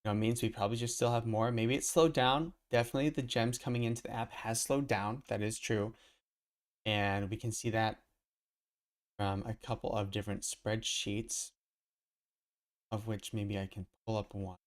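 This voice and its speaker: A man's voice: lowish voice, steady tone, normal speed. Rambling man chatting on a live stream. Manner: rambling, self-interrupting, thinking aloud. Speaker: crypto collectibles streamer. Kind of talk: casual live-stream commentary. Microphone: desk mic.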